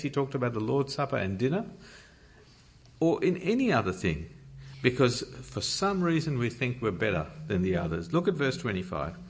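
A man preaching a sermon, reading scripture and pressing his points earnestly. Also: medium pitch. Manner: earnest, emphatic, rising to stress key points.

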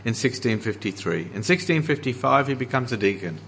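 Pastor guy preaching, earnest, slows down on the bible bits, slight hum in the room. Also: mid-range voice, big pitch swings, fairly bright tone. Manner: earnest preaching, slowing for emphasis on scripture quotes. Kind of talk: sermon.

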